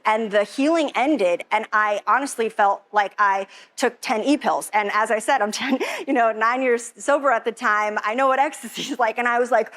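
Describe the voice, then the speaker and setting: A woman's voice: a little high, normal speed, a bit bright. A woman giving an emotional personal testimonial, gushing and breathless, full of "like" and "oh my God.". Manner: breathless, gushing, heavy use of "like". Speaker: event attendee giving a testimonial.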